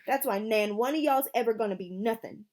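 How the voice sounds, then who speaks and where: A woman's voice: a little high, a little fast, natural voice. A woman voicing an angry male bus driver scolding kids in a story reading. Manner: scolding, loud.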